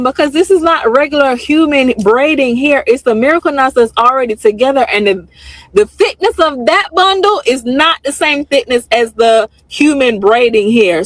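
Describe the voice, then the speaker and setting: A high-pitched woman tells her story with mounting indignation and acts out both sides of the exchange. Her voice is close to the mic and dry, with no room sound behind it. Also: dry recording, rough recording. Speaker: storyteller recounting a salon visit. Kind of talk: animated storytelling to viewers.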